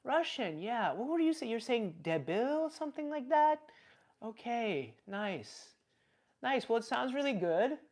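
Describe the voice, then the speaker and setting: A man mimicking a clueless American who plays dumb in a high, mocking voice. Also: very animated, unhurried, darkish tone, exaggerated voice. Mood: mock innocent.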